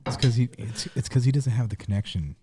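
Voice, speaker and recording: A man's voice: medium pitch, quick pace, background noise. A man co-hosting a podcast, earnestly retelling a story in detail during casual chat. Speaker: podcast co-host.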